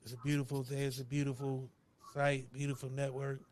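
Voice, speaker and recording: A man's voice: mid-range voice, completely flat delivery, a little fast, a little mellow, slight background noise. A man hosting a podcast in casual chat, playful and full of ums. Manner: playful, stalls with frequent ums.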